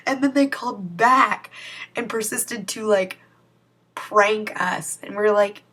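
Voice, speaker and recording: A woman's voice: mid-range voice, unhurried, fairly bright tone. Chatty young woman vlogging. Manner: chatty, rambling, self-mocking. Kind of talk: casual vlog chat to camera.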